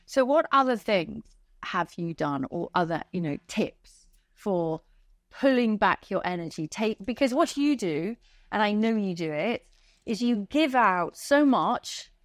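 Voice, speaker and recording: A woman's voice: mid-range voice, animated, a little slow, no echo. A woman hosting an interview chat, encouraging her guest. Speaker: host.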